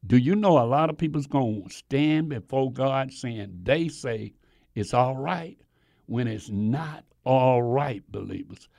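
A man's voice: medium pitch, measured pace, vocal fry, a little mellow, no room sound, studio quality. A man preaching a sermon in an emphatic, conversational way, asking his listeners rhetorical questions.

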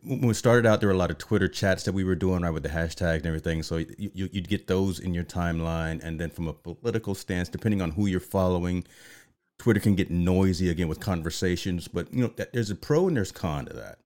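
A man hosting a casual live-streamed chat show, animated and often repeating words as he starts a sentence. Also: sits low, fast. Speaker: show host.

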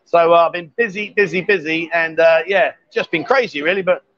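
A man's voice: fairly high pitch, brisk, a bit bright, highs cut off. A man hosting a casual live stream from a busy bar, joking and reading viewer comments aloud. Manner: chatty, jokey, reads viewer comments aloud.

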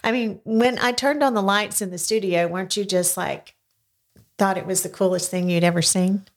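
An older woman hosts a relaxed podcast chat from a small studio, speaking at an ordinary middle pitch. She keeps nudging her guest along with leading questions and little prompts, in a friendly, coaxing manner. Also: normal speed. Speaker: podcast host. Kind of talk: casual family interview. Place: home studio.

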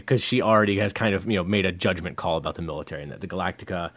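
A man co-hosting a podcast, talking fast and animated in casual chat, often laughing along. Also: low-pitched, no echo. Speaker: podcast co-host.

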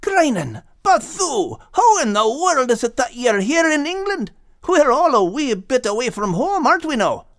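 A man voicing a cheerful, excited male terrier in an audiobook. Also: very high voice, moderate pace, hardly any pauses, dry recording, clean studio sound, voice pushed up, exaggerated voice. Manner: excited, warm greetings.

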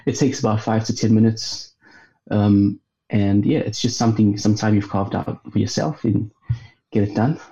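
Guest, male, Yorkshire accent, dark low voice over a dull lo-fi call line, relaxed with lots of fillers. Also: moderate pace. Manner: relaxed, many fillers like "you know". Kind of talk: casual conversational interview.

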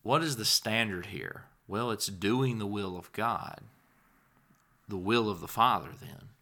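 Earnest male preacher, measured and bright. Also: on the low side. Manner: emphatic, rises and falls in volume for stress; earnest, conversational asides. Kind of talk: sermon.

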